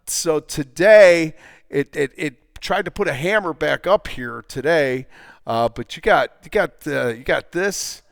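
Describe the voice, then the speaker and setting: A man's voice: on the high side, unhurried, creaky, no room sound, studio quality. A man casually talking through stock charts as a trading teacher, rambling, repeating himself and throwing in jokey asides.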